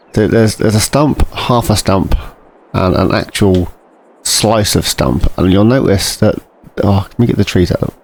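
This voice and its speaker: A man giving casual, rambling commentary over a farming game, often clearing his throat. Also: on the low side. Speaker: gameplay commentator.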